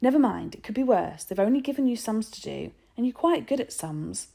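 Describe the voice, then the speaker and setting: A woman's voice: on the high side, expressive, a little fast, gravelly, dark tone, voice pushed up. A woman voicing an indignant, hot-headed schoolboy who bursts out sulkily and bitterly in a storybook reading. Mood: reassuring. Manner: sulky, bitter outbursts.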